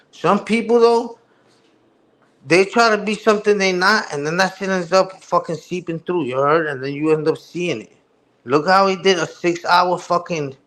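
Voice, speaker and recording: A man with a higher, fairly bright voice hosts a live stream, delivering a casual but heated rant laced with profane street slang.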